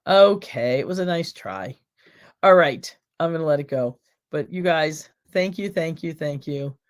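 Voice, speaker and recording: A woman's voice: sits low, animated, a little slow. A woman hosting a casual home livestream, chatting and rambling directly to her viewers. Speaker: cooking show host. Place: home, by a back window.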